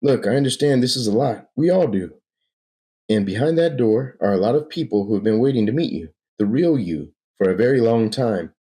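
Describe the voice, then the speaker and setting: Overly gentle male doctor, mellow and calm, voiced by a man. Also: medium pitch, a little fast, pitched above the performer's own voice, lightly acted. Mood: coaxing. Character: smooth, soothing male asylum doctor.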